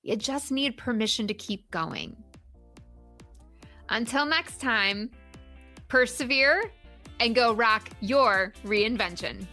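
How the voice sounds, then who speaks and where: A woman hosting a solo motivational podcast as a career coach, encouraging and emphatic, slowing down to stress key points. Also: a little high, lively intonation, bright, forceful tone, faint music behind.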